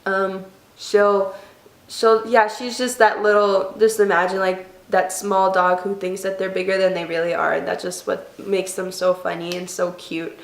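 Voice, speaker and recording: Young woman vlogging, teary and halting, mid pitch, kinda echoey room. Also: flat delivery, creaky. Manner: emotional, tearful, soft and halting. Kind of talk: personal vlog storytelling.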